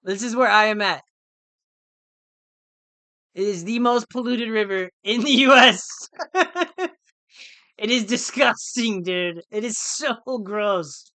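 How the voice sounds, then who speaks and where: A man's voice: high-pitched, takes it slowly, pauses often, sharp tone, dry recording. A man day trading on a live stream, chatting casually in a laid-back, slangy way, repeating phrases and calling listeners dude and bro. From United States.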